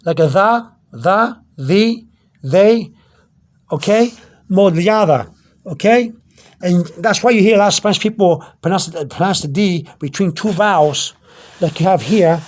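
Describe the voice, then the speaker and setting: Speaking at a normal speed in a high, slightly mellow voice, a male language teacher gives an informal lesson using a product label. He stops often, repeats words, and checks understanding with "okay?".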